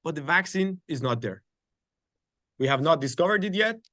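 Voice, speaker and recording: A man's voice: a little high, expressive, normal speed, fairly bright tone, dry recording, studio quality. A man leading an informal religious study circle from his home office, explaining step by step with fillers and restarts and often checking in with his listeners.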